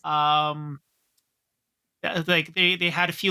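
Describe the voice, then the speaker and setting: Woman co-host, lowish bright voice, rambling and jokey. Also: little pitch movement, takes it slowly, clean tone. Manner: rambling, joking, many fillers and restarts. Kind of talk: casual chat.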